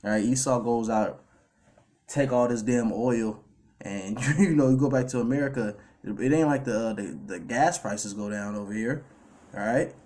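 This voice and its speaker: A man's voice: mid-range voice, moderate pace, darkish tone. A man preaching a casual sermon, reading scripture and tacking on "all right" and "man" as he goes. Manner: loose, repetitive fillers like "all right" and "man", reads scripture aloud. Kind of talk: casual street-style sermon over clips.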